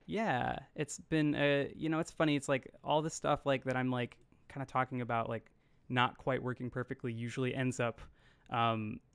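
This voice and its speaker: A man hosting a streamed interview show, talking in a halting way with lots of fillers and restarts. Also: medium pitch, little pitch movement, creaky, clear, resonant tone, no room sound. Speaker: show host. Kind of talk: casual interview chat.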